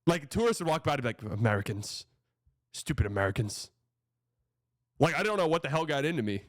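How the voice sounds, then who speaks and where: A man's voice: a little high, expressive, very fast, no room sound, studio quality. A man hosting a casual sports reaction show, talking in a loose, profane, rambling way.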